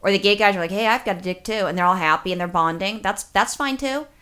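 A woman's voice: mid-range voice, fast talker, bright, forceful tone. A woman co-hosting a podcast, talking in a blunt, profane and joking way. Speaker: podcast co-host. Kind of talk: casual comedic chat.

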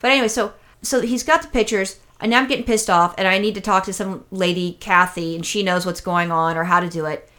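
A woman's voice: mid-range voice, fairly even intonation, a little fast, hardly any pauses, bright, forceful tone. A woman telling a long, rambling, exasperated story in casual chat, swearing freely. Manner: acts out other people's voices in quotes.

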